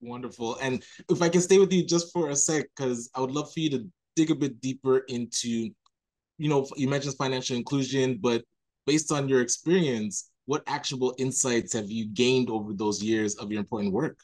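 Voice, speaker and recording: Male panel host, affirming and encouraging, mid-pitched. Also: moderate pace, darkish tone, poor audio. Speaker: panel moderator. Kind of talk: conference panel moderation.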